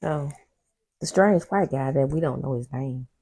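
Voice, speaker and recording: A woman's voice: extremely low pitch, a little slow, dark tone. A woman doing a casual TV recap vlog, sassy and talking back at the characters, with personal side stories. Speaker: TV recap host.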